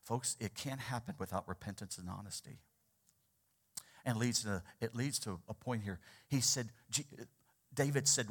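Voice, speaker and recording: A man preaching a sermon as pastor, asking the congregation for responses and swinging between loud, urgent lines and hushed ones. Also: medium pitch, moderate pace.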